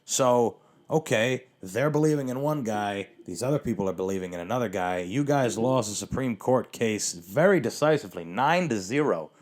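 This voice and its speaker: Guy doing a solo podcast rant, kinda low voice, sarcastic, swears a lot, hiccuping. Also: expressive, moderate pace, a little mellow. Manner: rambling, sarcastic, profane, with many restarts and fillers. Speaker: podcast host.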